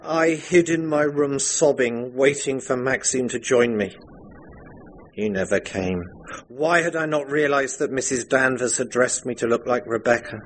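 A man narrating a comic parody in a dry, deadpan storytelling manner. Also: medium pitch, slight background noise, low-quality recording.

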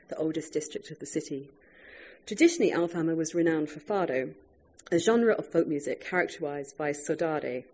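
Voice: mid-range voice, darkish tone. An author reading their own food writing aloud to a live audience, wry and breaking off now and then for chatty asides.

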